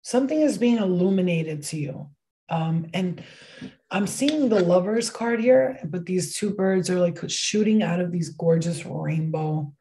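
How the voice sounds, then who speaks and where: Mellow, chatty woman tarot reader. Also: lowish voice, a little slow. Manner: chatty, rambling, swears casually. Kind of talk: casual livestream tarot reading.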